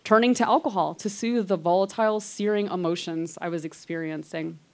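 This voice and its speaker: A woman's voice: fairly low pitch, a little fast. A woman in her thirties performs a live personal story, reading old diary entries aloud with candid, self-mocking asides. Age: 30s.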